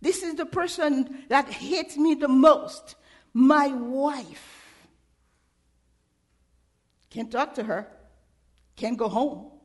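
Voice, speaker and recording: A woman preacher voicing a despairing man who weeps and begs, in slow, heavy, pleading phrases. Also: high voice. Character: despairing man weeping and begging.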